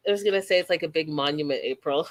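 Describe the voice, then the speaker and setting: A woman from Canada hosting a casual reality TV recap, blunt and animated, acting out quotes. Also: low-pitched.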